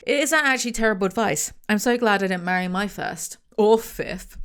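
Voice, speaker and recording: A woman's voice: medium pitch, fairly quick, few pauses, fairly bright tone, smooth. A woman reviewing a book with dry, sarcastic humor.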